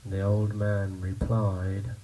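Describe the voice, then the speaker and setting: Man, storyteller at a live telling; unhurried, low, mellow delivery. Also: little pitch movement, a little hiss or hum, rough recording. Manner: slow, deliberate narration with pauses.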